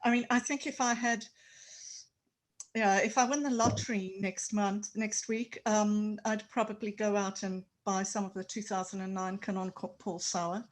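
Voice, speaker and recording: Woman wine expert, halting and detailed. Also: mid-range voice, fairly even intonation, low-quality recording. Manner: knowledgeable, hesitant with fillers. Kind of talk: casual panel discussion.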